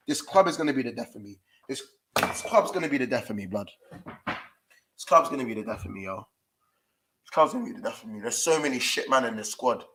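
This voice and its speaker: A man's voice: medium pitch, animated, moderate pace, a bit bright, slight background noise, rough recording. A young man with a London accent, ranting furiously to camera as a fan-channel presenter, swearing and full of street slang. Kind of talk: angry fan rant to camera. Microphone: camera mic.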